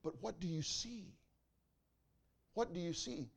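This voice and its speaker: A man preaching a sermon as pastor, swinging from loud exclamations to quiet asides. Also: high-pitched, expressive, takes it slowly, creaky, breathy edge.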